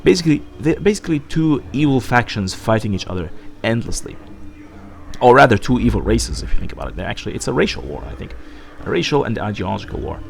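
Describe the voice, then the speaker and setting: Unwell male let's player, chatty and rambling, gravelly voice that swings up and down. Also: medium pitch, sing-song, fast talker. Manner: rambling, thinking aloud with many fillers. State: sick. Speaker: let's play host. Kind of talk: gameplay commentary, reading dialogue aloud.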